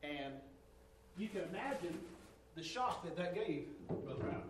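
A man preaching a sermon, fervent and swinging from near shouts to low storytelling tones. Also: lively intonation, measured pace, far from the mic, background noise. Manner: fervent, rising to near shouts, dropping low for quoted stories. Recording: roomy echo, from off-mic.

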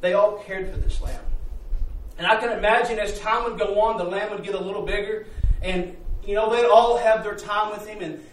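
Storytelling preacher, high voice, roomy church sound from a distance. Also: male voice, fairly even intonation, normal speed, a little hiss or hum. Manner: vivid storytelling with call-and-response. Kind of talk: sermon.

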